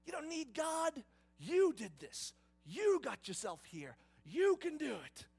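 A man's voice: huge pitch swings, slow pace, creaky, soft background music, heavily acted. A man preaching, voicing the enemy as a smug male devil who taunts and goads. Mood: goading. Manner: taunting, loud and high. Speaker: pastor.

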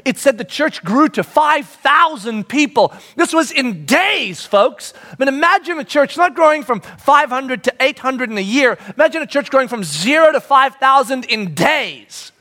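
A man's voice: very high voice, expressive, moderate pace, hardly any pauses, sharp tone. A middle-aged man preaching a sermon, telling a family story with lots of energy and acting out his children's voices. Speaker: pastor.

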